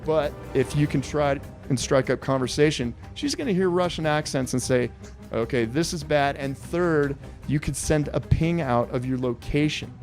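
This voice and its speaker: A man hosting a podcast interview, politely addressing his guest as sir while laying out a survival quiz with lively storytelling. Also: fairly high pitch, moderate pace, soft background music. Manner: respectful, calls guest sir, animated storyteller. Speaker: podcast host.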